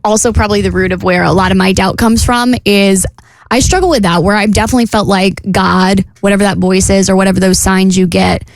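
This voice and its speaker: A woman's voice: mid-range voice, steady tone, a little fast, no echo. A woman co-hosting a radio show, speaking candidly and questioning herself. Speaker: radio co-host. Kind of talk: casual radio talk.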